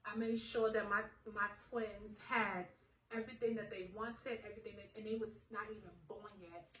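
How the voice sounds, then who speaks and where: A young adult woman telling her own story in a casual, animated way, full of fillers and acted-out dialogue. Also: medium pitch, moderate pace, a little hiss or hum. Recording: roomy echo, faint ambience.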